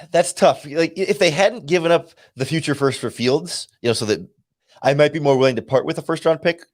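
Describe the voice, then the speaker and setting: A man, a guest analyst on a sports talk show, reasoning aloud in a halting way with many restarts. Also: on the high side, no room sound. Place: remote call.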